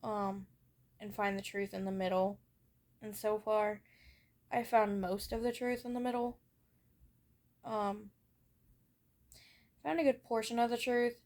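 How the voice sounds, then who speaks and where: A young woman tells personal childhood stories in her vlog, candid and mildly rambling with frequent fillers, all while hiccuping. She speaks unhurriedly in a level, darkish, medium-pitched voice with long pauses.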